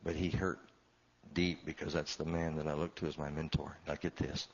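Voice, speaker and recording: A very low-voiced man preaching his own story from the pulpit. His delivery swells and sinks with feeling, and the recording sounds dull and muffled. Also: level tone, normal speed, creaky. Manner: emotional storytelling, voice swelling and dropping. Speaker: pastor. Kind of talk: sermon testimony.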